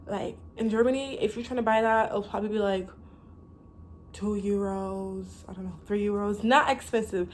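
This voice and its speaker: A woman's voice: mid-range voice, steady tone, normal speed, slight background noise. A young American woman talking casually to camera as a vlogger, chatty and rambling, full of likes and restarts, laughing now and then. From United States.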